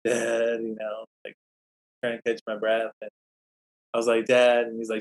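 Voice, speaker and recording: A man's voice: medium pitch, level tone, moderate pace, rough recording. A man, a scholar who is a guest on a podcast, telling a long personal story in a rambling, anecdotal way, with many restarts. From Native American community.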